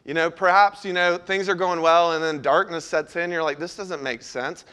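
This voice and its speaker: Man, pastor, sermon, animated storytelling, high-pitched, bright tone. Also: moderate pace, smooth.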